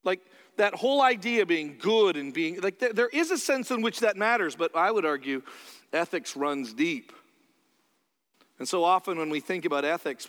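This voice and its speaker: A man's voice: high voice, fairly bright tone. A male pastor preaching a sermon in a church, in a conversational style that acts out his listeners' replies. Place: church sanctuary. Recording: long reverb from a large hall.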